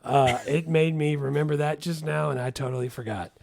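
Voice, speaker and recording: A man's voice: on the high side, fairly even intonation, a little fast, gravelly, crowd noise. A man co-hosting a podcast in casual chat, loose and full of fillers, often saying "dude" and "freaking". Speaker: podcast co-host.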